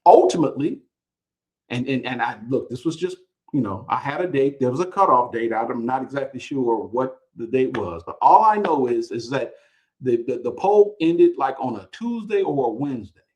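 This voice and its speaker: A man hosting a live podcast, telling a long story with energy, often repeating words and rising in pitch when excited. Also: normal speed, low-quality recording. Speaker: podcast host.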